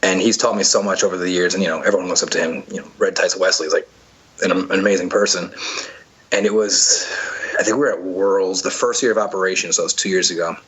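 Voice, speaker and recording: Man, husky voice, quick talker, rambling storyteller, lots of fillers. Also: sits low, steady tone, a bit bright, low-quality recording. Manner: rambling, many fillers and restarts. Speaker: podcast guest, obstacle racer. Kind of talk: casual storytelling chat.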